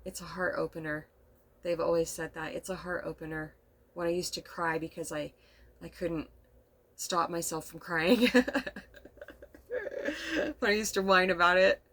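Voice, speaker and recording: Soft-spoken middle-aged woman, emotional and rambling. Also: lowish voice, fairly even intonation, normal speed, long pauses. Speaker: vlogger. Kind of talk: casual storytelling monologue. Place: inside a camper.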